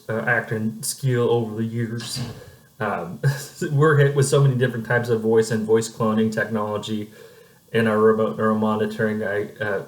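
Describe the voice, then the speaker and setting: Rambling man in an echoey room. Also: lowish voice. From Oregon, United States. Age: 40s. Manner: rambling, with frequent hesitant fillers. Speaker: vlogger. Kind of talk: casual monologue to camera.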